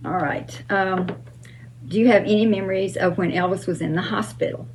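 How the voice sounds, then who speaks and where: A woman's voice: mid-range voice, fairly even intonation, moderate pace, background noise. An older woman hosting her own channel, answering fan questions in an emphatic, casual way with frequent uh and um.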